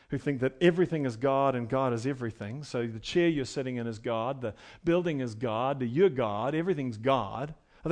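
A man preaching an expository sermon, moving between quiet teaching and loud, emphatic passages, with conversational fillers. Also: medium pitch.

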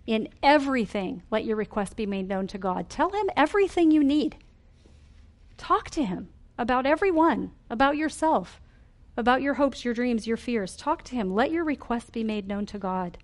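A woman teaching a sermon in an earnest, emphatic way, asking questions and slowing down on key phrases. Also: mid-range voice, a little mellow.

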